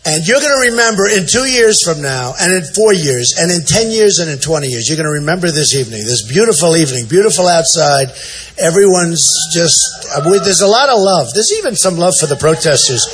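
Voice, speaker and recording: Boastful older man shouting at a rally. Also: on the high side, lively intonation, fairly quick, slight background noise. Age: 60s. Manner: boastful, repetitive, off-the-cuff; often shouting to the crowd. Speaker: political candidate. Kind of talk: campaign rally speech. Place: large indoor event center.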